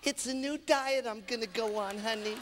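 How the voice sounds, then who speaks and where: A man voicing a timid, hopeful housewife who speaks softly and meekly. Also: very high voice, normal speed, background noise.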